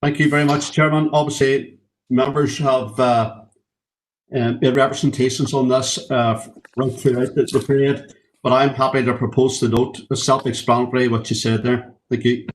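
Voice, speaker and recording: Casual: councillor, flat even voice, polite, bit of background noise. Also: male voice, mid-range voice, moderate pace, low-quality recording. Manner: polite, brief, formal.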